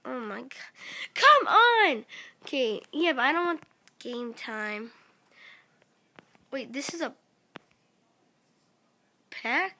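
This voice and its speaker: A female gaming host with a high, bright voice speaks unhurriedly but excitably during casual game commentary. She keeps calling out to her viewers.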